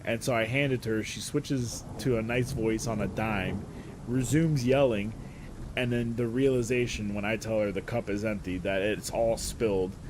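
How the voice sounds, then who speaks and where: A man casually telling a story, animated and profane, often breaking into laughter. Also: mid-range voice, noisy background. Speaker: streamer.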